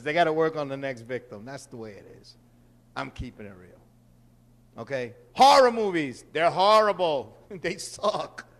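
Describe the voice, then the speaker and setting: A brash man from Puerto Rico hosting a comic monologue, his voice sitting very high for a man. He jokes loudly and breaks into sudden shouted bursts. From Puerto Rican. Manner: brash, joking, loud bursts. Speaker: host. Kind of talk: stand-up style monologue.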